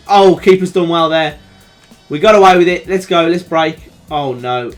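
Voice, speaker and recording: A young man with a Birmingham accent talks his viewers through a football video game in a high, bright voice. He shifts from easy chat to loud, excited shouts when a chance comes. Faint game music plays under his voice. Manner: excitable, swings from calm chat to shouting at goals. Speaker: gaming YouTuber. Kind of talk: live commentary over a football video game.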